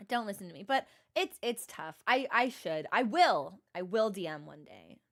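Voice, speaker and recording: A woman's voice: mid-range voice, animated, normal speed. A young woman streaming and chatting with viewers, rambling and self-deprecating, often restarting her sentences. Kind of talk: casual chat with stream viewers.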